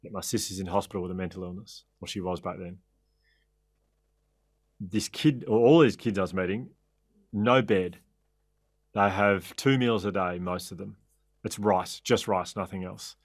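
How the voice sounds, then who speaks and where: An Australian man talks as an interview guest, recounting stories with energy, quick laughs and frequent self-corrections. His voice sits a little low. The sound is dry and close, with no room around it. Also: dry recording. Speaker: podcast guest. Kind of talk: anecdotal interview storytelling.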